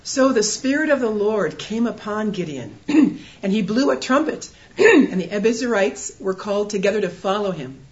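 A woman's voice: medium pitch, normal speed. Woman reading scripture aloud. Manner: steady reading, clears throat. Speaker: scripture reader. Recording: dull lo-fi recording.

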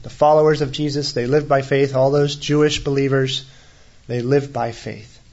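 A man's voice: mid-range voice, flat delivery, moderate pace, a little mellow, highs cut off. A man preaching a sermon as a pastor, in a conversational way with humorous asides.

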